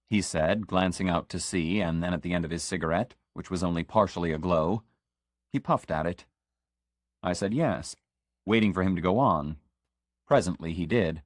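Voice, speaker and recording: Male audiobook narrator: low voice, dry booth sound, measured, reflective first-person storytelling. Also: dry recording.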